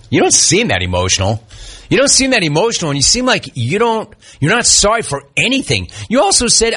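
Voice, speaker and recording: Male sports talk host, heated mocking monologue, lively bright delivery. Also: a little high, moderate pace, husky. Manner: ranting, sarcastic, mocking.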